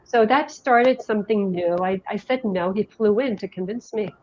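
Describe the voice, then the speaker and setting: A woman's voice: mid-range voice, normal speed, darkish tone. Middle-aged jersey woman rambling through a story, chatty with lots of restarts, kinda dull lo-fi sound. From New Jersey. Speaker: guest, health education director. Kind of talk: conversational interview, storytelling.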